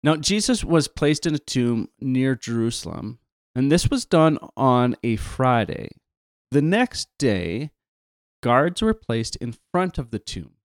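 A man's voice: mid-range voice, very animated, takes it slowly, dry recording. Guy co-hosting a bible story lesson, chatty, keeps restarting, dry sound. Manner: conversational, restarts, emphatic asides. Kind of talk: casual Bible storytelling for kids.

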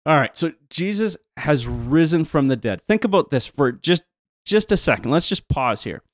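A man's voice: on the high side, very animated, normal speed, no echo, clean studio sound. A man co-presenting a retelling of a Bible story, talking casually with emphatic asides and restarts.

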